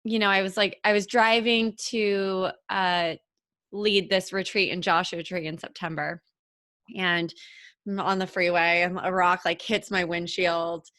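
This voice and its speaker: A woman's voice: fairly low pitch, flat delivery, unhurried, fairly bright tone, no room sound. A woman hosting a podcast, chatting casually, eager and affirming as she tells a story of her own. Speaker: podcast host. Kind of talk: casual conversational interview.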